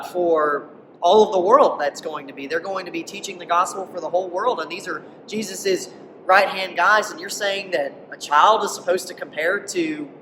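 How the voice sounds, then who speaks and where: A man's voice: fairly high pitch, a bit bright, slight background noise. Man, preacher, conversational sermon, emphatic, rhetorical questions, distant mic, long church reverb. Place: church hall.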